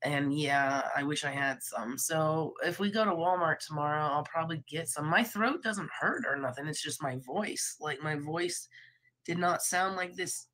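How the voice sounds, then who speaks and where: Hoarse woman chatting on a live stream. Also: sits low, normal speed, fairly bright tone, rough recording. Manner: rambling, laughs a lot, swears casually. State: hoarse from illness. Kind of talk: casual live stream chat.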